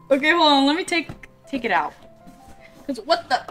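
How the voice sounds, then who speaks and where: A woman vlogger chatting excitedly to her viewers as she unboxes collectible toys, gushing and struggling with the packaging. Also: high voice, moderate pace, soft background music. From California, USA. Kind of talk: casual unboxing vlog.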